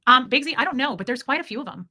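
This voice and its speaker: A woman's voice: sits high, animated, very fast, sharp tone. A woman hosting a casual livestream, answering chat in a blunt, indignant way with repeated emphasis. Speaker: livestream host reading chat.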